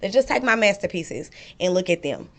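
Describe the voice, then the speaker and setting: A woman in casual chat, a lively storyteller who laughs as she talks. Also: mid-range voice, a little fast. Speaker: panel discussion guest.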